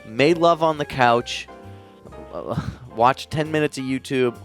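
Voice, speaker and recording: A man's voice: medium pitch, slow, a bit bright, soft background music. A man co-hosting a stream, chatting casually and joking in a rambling way. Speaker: streamer co-host. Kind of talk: casual chat.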